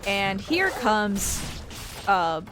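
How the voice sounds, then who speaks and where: A woman's voice: medium pitch, very animated, drawn-out words, background noise. A woman co-hosting a let's play, telling a long rambling story in casual chat while gaming. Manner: rambling storyteller, heavy use of "like". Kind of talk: casual chat over gameplay.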